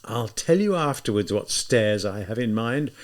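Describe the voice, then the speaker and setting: A man's voice: on the low side, lively intonation, moderate pace, lightly acted. A man reading aloud, voicing a feverish, mocking young man who taunts and teases in an audiobook. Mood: sly. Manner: teasing, taunting, sly. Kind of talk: audiobook character voice.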